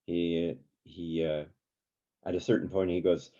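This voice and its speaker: A man with a low, mellow voice leads a relaxed songwriting lesson. He talks in a loose, chatty way and often stops to sing or hum short examples. The sound is dull and lo-fi. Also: measured pace. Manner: chatty, many fillers, sings and hums examples. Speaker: songwriting teacher. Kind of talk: informal workshop lesson.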